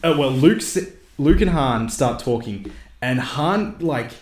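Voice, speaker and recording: A man casually recapping a comic story to a co-host, animated and laughing often. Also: medium pitch, slow pace. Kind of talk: casual chat. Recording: echoey room.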